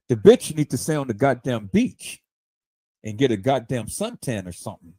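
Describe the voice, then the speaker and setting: A man with a medium-pitched, dark-toned voice hosts a livestream, speaking at a moderate pace and sounding very animated, with no room sound. His rant is heated and profane, and he stammers over repeated words along the way.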